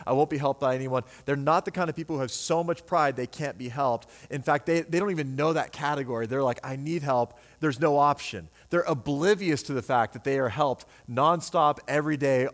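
A man preaching a sermon as pastor in a conversational, animated way, often acting out what people say. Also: on the high side. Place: church sanctuary. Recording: long hall reverb.

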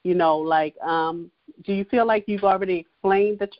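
A woman's voice: medium pitch, steady tone, moderate pace, no room sound, muffled recording. A woman hosting a podcast who asks her guest questions in a chatty way, with lots of fillers. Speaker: podcast host. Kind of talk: casual interview chat.

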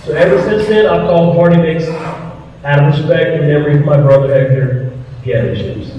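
A man's voice: on the high side, a little fast. Southern guy telling stories to a crowd, sounds far off and muffled, faint hum behind. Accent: Southern American. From American South. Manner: earnest storyteller, acts out quoted voices. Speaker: retired firefighter speaker. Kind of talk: live talk to an audience. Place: firehouse hall. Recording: distant, echoey, dull hall recording.

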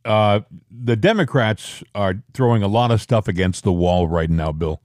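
A man's voice: moderate pace, darkish tone, no echo, studio quality. A man co-hosting a political talk show, giving emphatic opinions in a casual chat style. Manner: opinionated, emphatic, pushes pitch up when stressing a point. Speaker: co-host.

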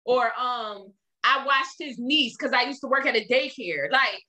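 A woman's voice: a little high, a little slow, poor audio. A young woman, chatting candidly and telling stories with lots of "like" fillers. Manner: candid, animated storytelling, frequent "like" fillers. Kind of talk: casual chat.

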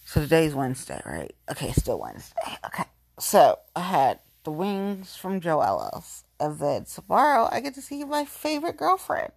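A tipsy woman in her late thirties chats into the camera, rambling from one thing to the next and repeating her favorite lines. Her voice sits low but swoops widely when she gushes. The delivery is loose and casual. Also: wildly swooping pitch, moderate pace, creaky, dry recording. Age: late 30s. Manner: rambling, repeats herself, gushing. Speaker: vlogger. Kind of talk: casual chat.

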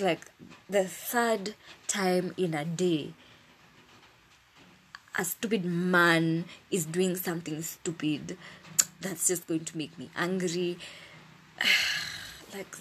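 Woman podcast host, slow and lowish voice, casual storyteller who cusses when annoyed. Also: a little hiss or hum. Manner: animated, exasperated, swears freely.

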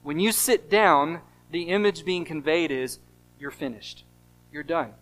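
A male pastor with an American accent preaching a sermon, stressing key phrases over and over and swinging between loud emphasis and quiet asides. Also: on the high side, measured pace, rough recording.

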